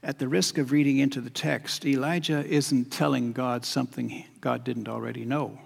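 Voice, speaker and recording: A male preacher giving a sermon, measured and repetitive, often dropping to a quiet, weighty emphasis. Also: mid-range voice, steady tone, vocal fry, breathy edge. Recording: long hall reverb.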